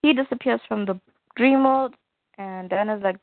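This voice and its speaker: A woman's voice: medium pitch, moderate pace, dry recording, narrow, tinny audio. Casual comic recap from a woman, dry sound, kinda phone-y. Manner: chatty, retells scenes with "she's like". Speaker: comic reader and narrator. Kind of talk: casual comic book retelling.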